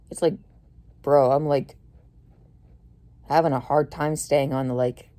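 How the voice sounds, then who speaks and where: A young woman telling a rambling, swear-heavy story to camera, mostly low-key and tired with sudden heated outbursts. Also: steady tone, measured pace, long pauses, dark tone. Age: young adult. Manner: swears a lot, rambling with many fillers. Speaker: vlogger. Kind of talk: casual storytelling rant.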